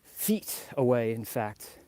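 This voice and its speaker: Walking through the snow on a live vlog, a New Yorker chats and rambles to his viewers, a bit out of breath. His voice is mid-range and very animated, with a dark tone, and he takes it slowly.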